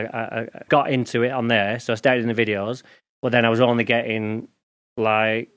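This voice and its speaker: A man's voice: medium pitch, a bit bright. A middle-aged man from England, a guest chatting casually in an interview, telling stories in informal slang. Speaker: podcast guest, lawn care expert.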